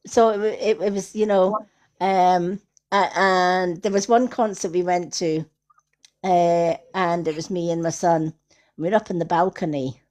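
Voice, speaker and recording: Middle-aged lady chatting on a live stream, animated, acts out everyone in her story. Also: on the low side, measured pace. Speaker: host.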